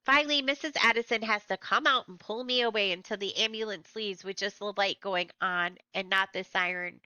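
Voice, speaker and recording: Woman narrator for a young-reader audiobook; bright, slightly high, close and dry. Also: fairly quick, smooth, no echo, lo-fi sound. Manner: plain, conversational storytelling. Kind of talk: first-person novel narration.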